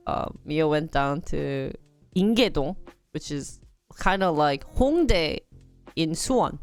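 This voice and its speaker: A woman's voice: lowish voice, smooth. A young woman chatting casually on a live stream, giggly and talkative, dropping in Korean words. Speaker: livestreamer.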